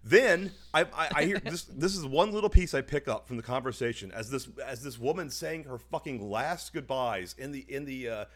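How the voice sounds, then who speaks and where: A man's voice: mid-range voice, moderate pace, few pauses. A young man co-hosting a podcast, telling a story casually and profanely and acting out the other people's lines. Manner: profane, animated, acts out dialogue in voices. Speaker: podcast co-host.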